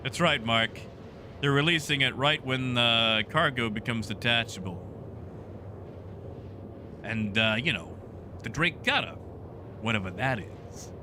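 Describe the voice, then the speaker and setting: A man's voice: mid-range voice, big pitch swings, unhurried, long pauses. A man streaming a game, chatting casually and answering viewers by name. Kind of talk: casual live-stream chat. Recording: noisy background.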